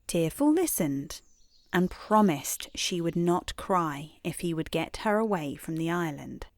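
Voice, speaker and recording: Female storyteller reading a sleep story, slow and soothing, pitch moving gently, close dry sound. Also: expressive, no room sound. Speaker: host and storyteller.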